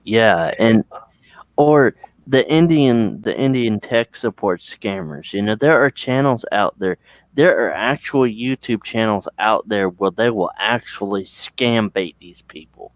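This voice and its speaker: American guy, slow rambly casual talk, dry close sound. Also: on the low side, dry recording. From United States. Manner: rambling, swears freely. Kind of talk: casual chat.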